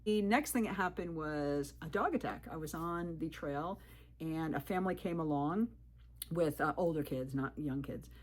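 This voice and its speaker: A woman's voice: sits low, normal speed. A woman thru-hiker telling a story to camera. She talks candidly and emphatically, warning viewers, and acts out what people said with "I'm like". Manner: animated, retells talk with 'I'm like' quotes. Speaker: thru-hiker video creator.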